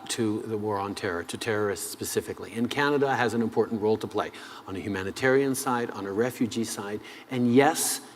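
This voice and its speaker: A man answering interview questions as a head of government, measured and full of "uh" pauses. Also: fairly low pitch, big-room sound.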